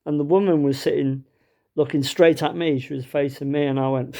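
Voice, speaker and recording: A man's voice: a little high, fairly even intonation, a little fast, creaky, mellow. A man spinning a funny everyday anecdote in a loose, conversational way. He is dry and wry, with plenty of fillers and restarts along the way. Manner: chatty, wry, lots of fillers. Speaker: storyteller. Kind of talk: comic anecdote told to camera.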